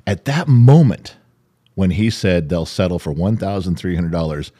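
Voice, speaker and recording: A middle-aged man hosting a podcast, telling a story in casual chat, animated and profane, acting out the people he quotes. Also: deep voice, normal speed, breathy edge. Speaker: podcast host.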